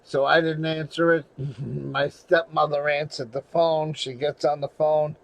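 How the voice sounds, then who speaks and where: Slow-talking man, high voice, dry sound. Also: level tone, creaky, no echo, low-quality recording. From New England. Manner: rambling with restarts and swearing. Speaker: channel host. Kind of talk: casual storytelling monologue.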